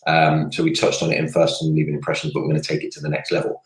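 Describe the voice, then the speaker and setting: Low-voiced coach, energetic and rambling. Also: male voice, very fast. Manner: energetic, rambling, goes off on tangents. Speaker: network marketing coach. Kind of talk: casual livestream coaching talk. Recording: roomy echoey room sound.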